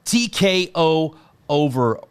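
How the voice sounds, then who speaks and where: A man hosting a podcast in casual chat, easygoing and quick to laugh. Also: on the high side, lively intonation, smooth. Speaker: podcast host.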